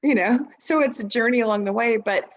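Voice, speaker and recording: A woman's voice: a little high, a little fast. A woman hosting an interview, affirming and summing up her guest's story in a reflective way. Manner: affirming listener, reflective summaries. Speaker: host. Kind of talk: interview conversation.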